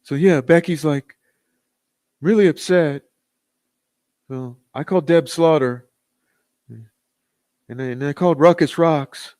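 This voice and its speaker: A man putting on the voice of a stoned, gossipy guy who rambles in a goofy, drawn-out way. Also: a little high, a little mellow, dry recording, voice pushed up. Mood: whiny.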